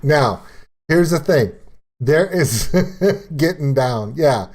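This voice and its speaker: A man's voice: on the high side, lively intonation, slow, a little mellow. A man from Louisiana with a Cajun accent, chatting through a casual reaction stream and laughing often. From Louisiana, Lafayette area. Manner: chatty, laughs often, explains with many "okay"s.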